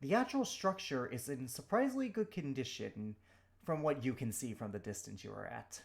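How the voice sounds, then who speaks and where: A man's voice: medium pitch, animated, moderate pace, vocal fry. A man narrating a tabletop game as game master, in a casual manner. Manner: casual, with fillers.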